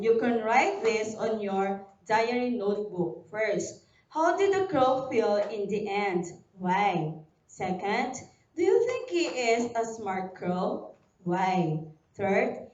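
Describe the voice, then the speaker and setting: Slow, deliberate Filipino woman teacher. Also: medium pitch, a little mellow. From Philippines. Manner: slow, deliberate classroom delivery, spelling words letter by letter. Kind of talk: recorded online lesson for young pupils. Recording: dull, roomy sound, voice a bit far from the mic.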